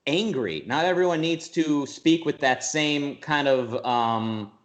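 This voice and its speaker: A man as an interview guest, talking in a rambling, animated way, full of restarts and quick jumps into mock voices. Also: a little high. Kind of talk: casual conversational interview.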